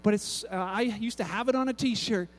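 A male pastor delivering a sermon, telling stories with lively acted-out voices and often repeating words as he goes. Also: high voice, normal speed. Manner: animated storytelling, acts out voices, frequent repeated words.

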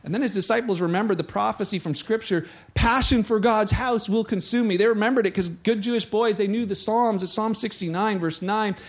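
A man with a high voice delivers a sermon, retelling scripture with animated storytelling. He jumps into the voices of the people in the story as he goes. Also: brisk, hardly any pauses. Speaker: pastor.

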